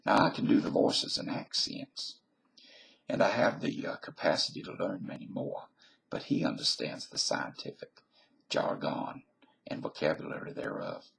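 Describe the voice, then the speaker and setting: Low-pitched but a bit bright, with huge pitch swings, a Virginia vlogger delivers a rambling, jokey monologue to camera at normal speed over slight background noise. His very gravelly, husky voice often falls to a breathy near-whisper, and he keeps contradicting himself before saying he's kidding.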